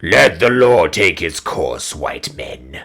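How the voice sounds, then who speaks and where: A man voicing a cruel, stern king who speaks in slow, commanding words in an audiobook. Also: deep voice, very animated, gravelly, a bit bright, husky, voice pushed down, exaggerated voice.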